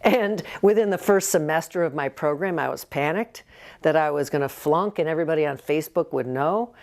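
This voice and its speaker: A woman's voice: low voice, brisk, a little mellow. Earnest older woman telling her story. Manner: earnest storytelling, acting out quoted voices. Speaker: nurse practitioner and health coach, guest. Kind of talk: casual interview talk.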